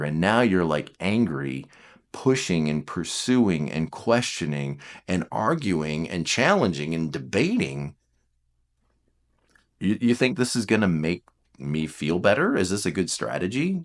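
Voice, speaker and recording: A man coaching on personality types, talking casually to his viewers, animated, mimicking them in playful voices and dropping to slow, quiet emphasis. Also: lowish voice. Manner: animated, jumps into playful mock voices of the listener; drops to slow, quiet emphasis on key points. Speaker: Enneagram coach. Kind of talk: casual talk to camera.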